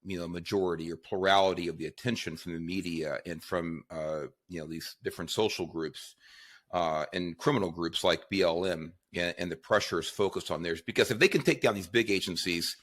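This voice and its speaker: A man's voice: low-pitched, fairly quick, a bit bright. A man hosting a casual talk show, opinionated and sarcastic, rambling with frequent restarts. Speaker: podcast host.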